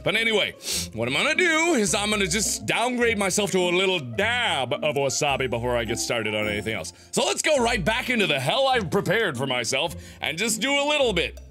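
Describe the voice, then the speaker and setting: A man doing let's play commentary, loud and exclaiming, teary and pained from wasabi burn. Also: high voice, big pitch swings, a little fast, faint music behind. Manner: loud, exclaiming, yelping in pain. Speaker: gaming video host.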